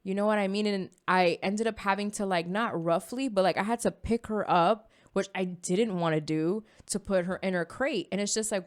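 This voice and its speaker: A woman co-hosting a podcast in casual chat, telling a personal story with lively energy and acting out her own quoted words. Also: medium pitch, normal speed, few pauses. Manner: animated storytelling, acts out her own quoted words, frequent "you know what I mean". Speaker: podcast co-host.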